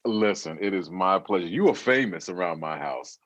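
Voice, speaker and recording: Brief: middle-aged male guest, animated storyteller, dry close sound, teasing and laughing. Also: sits low, normal speed, no room sound, dull audio. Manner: joking storyteller, imitates voices, laughs a lot. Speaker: guest singer. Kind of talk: casual interview chat.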